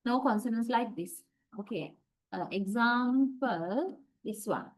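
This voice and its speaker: A woman's voice: a little high, lively intonation, takes it slowly, rough recording. A woman giving an online university lecture, explaining step by step and often checking with "right?".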